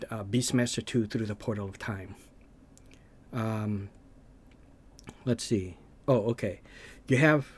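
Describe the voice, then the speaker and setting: A man's voice: medium pitch, darkish tone. A man making gaming videos, ranting casually and rambling, with lots of hesitations and restarts.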